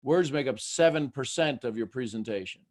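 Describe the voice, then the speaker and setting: A male motivational host with a mid-range voice speaks to his listeners. He keeps asking them questions and shifts his delivery often, dropping to a near hush and then rising to loud bursts. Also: mid-range voice, moderate pace. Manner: dynamic, swings between hushed and shouted. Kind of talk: motivational talk on a call.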